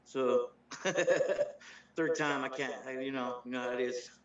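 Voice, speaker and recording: A man's voice: medium pitch, level tone, a little slow, echoey room, dull audio. A man guest on a casual podcast chat, laughing often, cursing and plugging his music. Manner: laughing, profane, self-promoting. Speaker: rapper guest.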